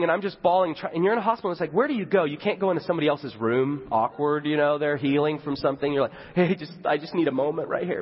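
Husky-voiced man preaching in a hall. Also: fairly high pitch. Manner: candid storytelling, self-mocking, chatty asides. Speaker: pastor. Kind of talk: sermon. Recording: dull audio with long hall reverb.

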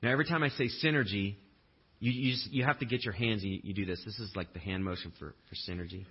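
A male pastor delivering a sermon in a relaxed, conversational way, with humorous asides and acted-out quotes. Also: lowish voice, quick pace, breathy edge, lo-fi sound.

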